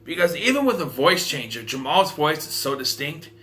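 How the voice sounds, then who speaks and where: Rambling man with a bright voice. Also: fairly high pitch, very animated, moderate pace, soft background music. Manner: rambling, repeats himself. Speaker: film reviewer. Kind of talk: casual spoken film review.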